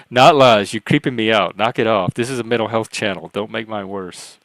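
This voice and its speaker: A man with a Southern US accent that blends Louisiana, Cajun and Texas sounds, chatting loosely on his own livestream. His voice sits fairly low, and he rambles and pokes fun at himself. The sound is dry and close, with no room echo. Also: moderate pace, fairly bright tone. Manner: rambling, self-deprecating, chatty. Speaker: livestream host. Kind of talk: casual livestream chat.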